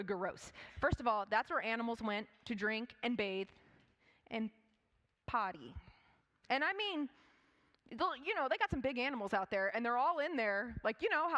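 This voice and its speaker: A woman preaching in a church with a somewhat high voice. She tells the story in an animated, chatty way, full of asides and everyday comparisons. Her voice rings out with the long reverb of a church hall. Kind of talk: sermon.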